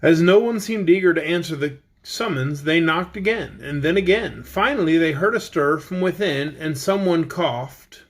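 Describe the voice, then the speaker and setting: A man reading a children's book aloud, with lively storybook narration. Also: on the high side, moderate pace. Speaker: audiobook reader.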